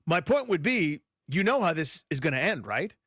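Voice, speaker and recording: A man co-hosting a sports talk radio show, arguing his point in an animated way and restarting words when he gets heated. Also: a little high, moderate pace, slightly rough, no room sound, clean studio sound.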